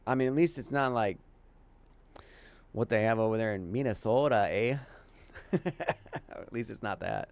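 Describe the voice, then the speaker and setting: A lower-voiced man from the American South, streaming his reactions to videos in loose, casual commentary. He rambles, laughs often and swears offhandedly. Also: moderate pace, gravelly, pauses often, darkish tone. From southern United States.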